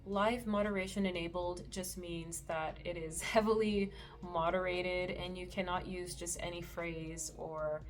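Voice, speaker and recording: A woman hosting a screen-recorded tutorial, explaining settings in a relaxed, explanatory way with the odd soft laugh. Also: on the low side, unhurried. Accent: Canadian. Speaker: meditation creator and tutorial host.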